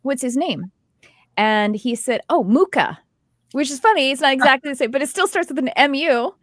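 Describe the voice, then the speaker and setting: A middle-aged woman hosting a casual chat, telling animated stories full of quoted dialogue. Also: sits high, fairly quick, no echo. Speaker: host, intuitive development teacher.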